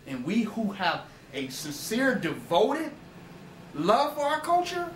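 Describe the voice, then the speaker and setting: A man's voice: sits high, wildly swooping pitch, slow, a bit bright, recorded from a distance, slight background noise. Emphatic man lecturing in an echoey room. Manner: emphatic and profane, with rhetorical questions. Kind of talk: informal lecture. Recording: roomy echo, voice away from the mic.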